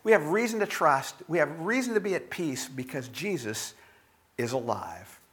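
Animated, bright-voiced male pastor. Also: fairly high pitch, normal speed. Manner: animated storytelling with laughs, then hushed prayer. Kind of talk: sermon with personal story and closing prayer.

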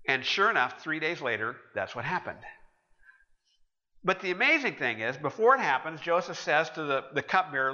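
High, bright-voiced preacher in a reverberant hall. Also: male voice, fairly quick. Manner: animated storytelling, acting out quoted characters. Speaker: pastor. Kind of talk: sermon. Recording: muffled, with long hall reverb.

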